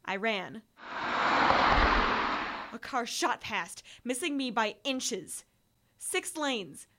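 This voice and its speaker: A woman's voice: fairly high pitch, animated, very slow, sharp tone. A woman reading a first-person story aloud, building to breathless urgency in the action. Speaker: audiobook narrator.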